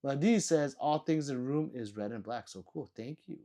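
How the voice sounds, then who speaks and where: A man's voice: medium pitch, normal speed, warm tone. Sleepy, profane man ranting on stream. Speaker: live streamer. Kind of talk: casual live-stream rant and chat reading.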